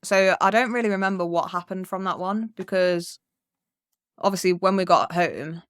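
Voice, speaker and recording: A woman's voice: lowish voice, normal speed, clean tone, no echo, studio quality. Chatty woman telling a story. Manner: chatty, animated, swears freely. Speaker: podcast co-host. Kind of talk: casual storytelling chat.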